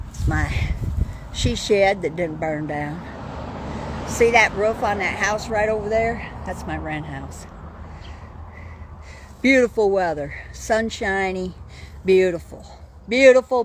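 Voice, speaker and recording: An older woman from New York talks casually and bluntly to her viewers, addressing them by name as she walks them around her home. Her voice sits low for a woman. A faint noise hums under the phone recording. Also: measured pace, pauses often, a bit bright. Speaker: vlogger. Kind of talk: casual home tour vlog. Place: her house and front yard, in and out of doors.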